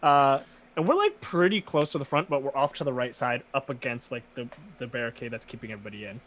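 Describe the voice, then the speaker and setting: A man's voice: mid-range voice, quick pace, rough recording. A young man co-hosting a podcast, telling stories in casual chat with frequent swearing and laughter. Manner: animated, profane storyteller, bursts into laughter. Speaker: podcast co-host.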